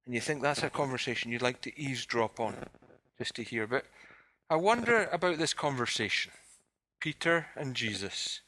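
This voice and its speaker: Man, pastor, sermon, bright forceful voice, steady middle pitch, questions aimed at the listeners. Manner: direct rhetorical questions to the congregation. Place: church service.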